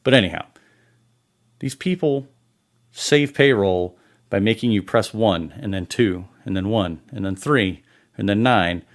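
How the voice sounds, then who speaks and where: Low-voiced guy ranting, swears a ton, super sarcastic. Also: a little slow, pauses often. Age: adult. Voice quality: sarcastic, exasperated, heavy swearing. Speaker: podcast host. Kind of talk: profane comedic rant.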